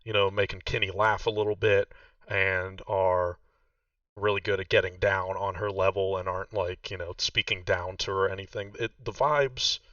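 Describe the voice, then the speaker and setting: A man's voice: sits low, moderate pace, no echo, distant mic, lo-fi sound. A man narrating a tabletop game as game master, hesitant and full of fillers. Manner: hesitant, many fillers, relaxed.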